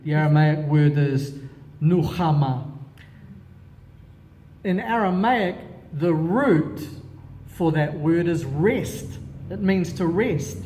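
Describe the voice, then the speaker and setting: A man leading a Bible study, animated, asking himself questions and dropping in Hebrew words. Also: on the high side, takes it slowly, long pauses, in a large hall, a little hiss or hum. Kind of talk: expository Bible teaching.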